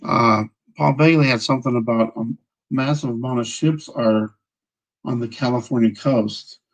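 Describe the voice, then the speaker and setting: A man hosting a casual livestream, rambling as he checks his audio, greets viewers by name and often clears his throat. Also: medium pitch, moderate pace, poor audio. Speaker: livestream host.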